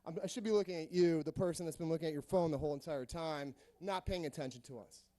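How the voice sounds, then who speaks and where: A man with a notably high voice addresses a board from the podium. He is emphatic and confrontational, rallying his colleagues. The sound is close and dry. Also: fast talker, dark tone, no echo. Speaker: teacher speaking at public comment. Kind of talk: public comment speech. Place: public board meeting room.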